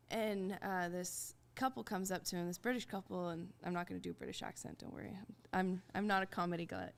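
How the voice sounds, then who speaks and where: Gravelly-voiced woman, rambling softly. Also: fairly high pitch. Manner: rambling, self-deprecating, laughs softly. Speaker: singer-songwriter guest. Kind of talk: casual chat between songs. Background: guitar tuning faintly.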